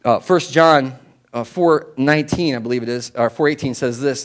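A middle-aged man preaching a conversational sermon as a pastor, animated and chatty, with sudden jumps in pitch and volume and repeated words and asides. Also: normal speed.

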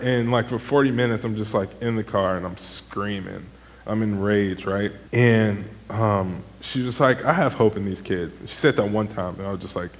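A man's voice: lowish voice, steady tone, a little fast, long reverb tail, rough recording. A young man, a former camp counselor, giving a casual sermon testimony in a rambling way, full of "like" and "um". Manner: rambling, heavy use of "like" and "um".

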